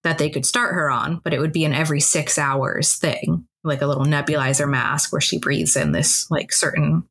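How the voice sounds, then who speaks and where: Low-voiced woman telling a story. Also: steady tone, a bit bright, slightly rough. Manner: fast conversational telling, many fillers like "like". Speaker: podcast co-host. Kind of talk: casual storytelling chat.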